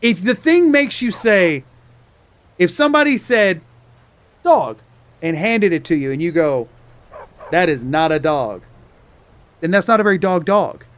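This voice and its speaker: A man's voice: high-pitched, lively intonation, normal speed, fairly bright tone. A man streaming a game, chatting casually to viewers in a playful, rambling way full of repetitive wordplay. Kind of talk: casual live-stream chat.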